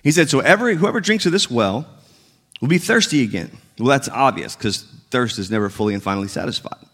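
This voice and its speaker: A pastor with a medium-pitched, fairly bright male voice preaches a sermon in a brisk, lively way. His delivery is casual and conversational, and he acts out the biblical dialogue as he goes, shifting his tone for each voice in the story.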